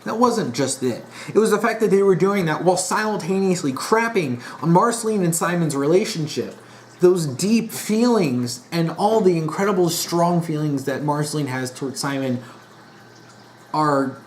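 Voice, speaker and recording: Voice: medium pitch, animated, normal speed, slight background noise. A vlogger in a casual monologue, rambling with restarts and sounding exasperated and disappointed. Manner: rambling, frequent restarts and fillers.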